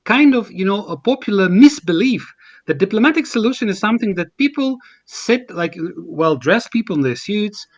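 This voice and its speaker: High-voiced man. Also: lively intonation, moderate pace. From Ukraine. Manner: earnest, emphatic, with frequent restarts. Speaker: guest commentator. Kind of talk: panel discussion.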